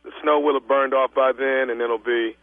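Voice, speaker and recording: A man making a prank phone call as a fake travel agent, stammering and feigning calm composure. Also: mid-range voice, moderate pace, no echo. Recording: tinny phone line.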